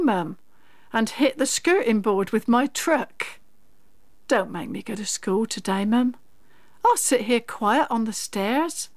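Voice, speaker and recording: Woman voicing a nagging small child, comic verse, rhythmic sing-song, slightly high voice, dry close sound. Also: no room sound. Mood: pleading.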